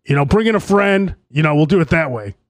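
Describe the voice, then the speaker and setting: A man's voice: on the high side, animated, quick pace, no room sound, natural voice. A man voicing a pushy male personal trainer doing a hard sell, pleading and wheedling and calling everyone bro.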